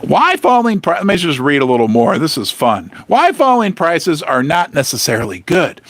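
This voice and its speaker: Guy ranting on his livestream, high voice swinging all over, sarcastic and worked up, dry close sound. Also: wildly swooping pitch, moderate pace, a bit bright, no echo. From United States. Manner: sarcastic, emphatic, indignant. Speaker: host.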